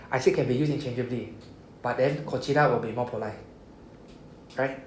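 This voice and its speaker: A Japanese teacher with a Singaporean English accent leads a beginner lesson in a classroom, speaking at normal speed with a medium pitch and fairly even intonation. He explains things patiently and keeps checking in with "okay?" and "right?" The room echoes, and there's a faint hum in the background.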